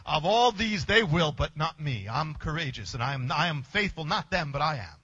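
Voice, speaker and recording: A man's voice: fairly high pitch, expressive, normal speed, bright, forceful tone, slightly rough, dry recording, highs cut off, pitched below the performer's own voice, exaggerated voice. A preacher acting out a boastful male disciple. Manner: earnest, self-assured boasting.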